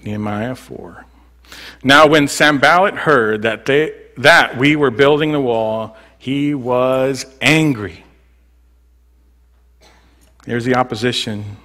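A male pastor preaching a sermon, reading scripture at a slow, measured pace and then drifting into loose, rambling asides full of fillers. His voice sits in a middle register and carries a long reverb from a large church sanctuary. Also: medium pitch, sharp tone.

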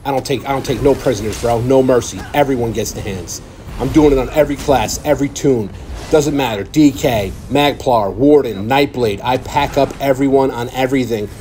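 A young gaming channel host brags and trash-talks over his gameplay with mock arrogance. His medium-pitched voice is warm and brisk, with a slight hiss or hum in the audio.

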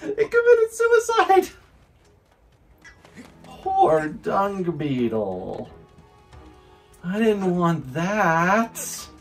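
An excitable man plays through a game and narrates every move to himself. His pitch jumps all over as he whoops and laughs, yet he talks at an easy, drawn-out pace. Soft game music runs quietly beneath him. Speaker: gaming channel host. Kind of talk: let's play commentary.

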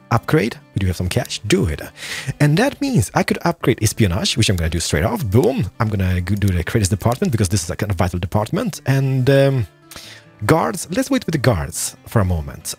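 Gameplay commentator: young man, very animated delivery, faint music underneath. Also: mid-range voice, creaky, husky. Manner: animated, excitable, muttering to himself. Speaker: gaming YouTuber.

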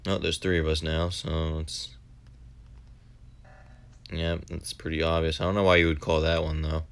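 A man's voice: extremely low pitch, level tone, normal speed, long pauses, smooth. A young man giving casual, profanity-heavy commentary while playing a game, often erupting in frustration. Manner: swears a lot, flares into shouted frustration. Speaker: gaming video host.

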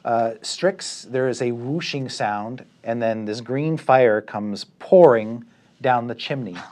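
A man running a tabletop game as dungeon master, narrating scenes vividly and calling for rolls in a steady way. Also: mid-range voice, takes it slowly. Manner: descriptive, steady game narration with rules calls.

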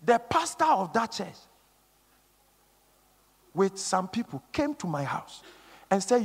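A male preacher giving a sermon with emphatic, repetitive storytelling that swings from hushed tones to shouting. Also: high voice, big pitch swings, slow pace, pauses often, husky. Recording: long reverb of a large hall.

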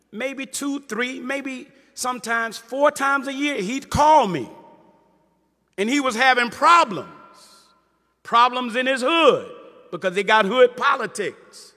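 A man, a minister giving a testimony sermon, who rises from storytelling into shouted preaching with quick asides to the audience. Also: very high voice. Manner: preaching, rising to shouts, call-and-response asides. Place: large hall before an audience. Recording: live hall with reverb, crowd behind.

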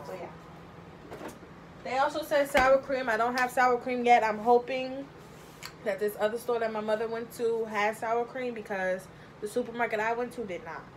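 This young woman, a home cook vlogger, talks through a casual cooking tutorial in her home kitchen, chatty and rambling, thinking aloud with plenty of fillers. Her voice is a little high and moderately paced, with long pauses. There is slight background noise, and the recording is low quality.

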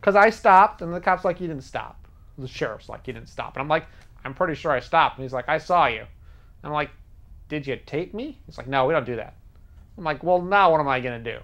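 In a TV studio, a man hosting a public access show rambles through a casual comic monologue, self-mocking and acting out both sides of conversations in quick voices. His voice is fairly high, animated and fairly bright.

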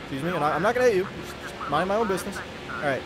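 Animated young man commentating gameplay. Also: high voice, racing. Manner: chatty, exasperated, self-mocking racing commentary. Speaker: gaming YouTuber. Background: game music.

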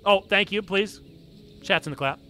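A man's voice: sits high, moderate pace, bright, forceful tone, a little hiss or hum. A man hosting a livestream, chatting casually and reading aloud to his audience with self-mocking humor. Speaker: livestream host. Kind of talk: casual game stream chat. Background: game music.

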